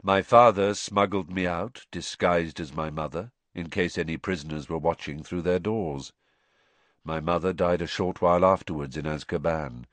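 A man voicing a dazed young man confessing in a flat, expressionless monotone. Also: lowish voice, a little slow, dry recording, lightly acted. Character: young man under truth potion, dazed and hollow.

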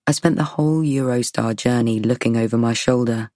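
A woman's voice: extremely low pitch, brisk, dark tone, no room sound, studio quality. A woman reading a first-person story, her inner monologue tense and wry. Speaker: audiobook narrator. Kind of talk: first-person scripted narration.

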